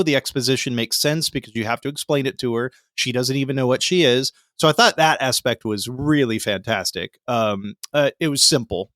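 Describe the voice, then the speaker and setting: A man's voice: mid-range voice, fairly bright tone, no echo, studio quality. A man hosting a movie podcast, talking casually and rambling with lots of fillers and acted-out quotes. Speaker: podcast host.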